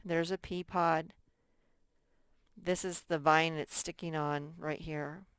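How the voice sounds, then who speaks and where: Teacher lady doing sight words for little kids, super slow and drawn out, clear voice, dry close sound. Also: deep voice, steady tone, fairly bright tone, dry recording. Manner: drawn-out, emphatic word modeling and repetition. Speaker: first grade teacher. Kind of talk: slow sight-word lesson for young children.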